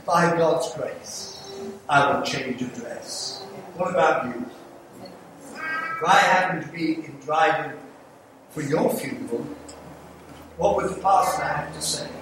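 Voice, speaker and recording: A man's voice: a little high, animated, slow pace, pauses often. An older man with an English accent, preaching an earnest, pleading evangelistic sermon with light humour in a church sanctuary. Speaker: visiting evangelist. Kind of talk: evangelistic sermon with altar call. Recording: echoey church from a distance, noisy.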